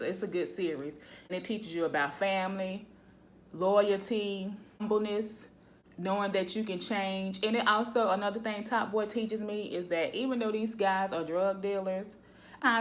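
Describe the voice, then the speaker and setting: A woman vlogger talking about shows in a casual, animated way. She laughs often and keeps addressing her viewers. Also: on the low side, slight background noise. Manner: chatty and animated, laughs often, says "y'all". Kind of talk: casual chat.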